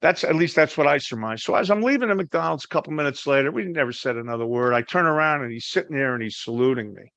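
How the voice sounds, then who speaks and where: A lively man with a high, gravelly, bright voice tells a story and acts out the people in it. The sound is dry and a bit dull. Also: fast talker, few pauses, no echo. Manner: animated, acts out voices in his anecdotes. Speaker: guest storyteller, Marine veteran. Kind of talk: casual storytelling.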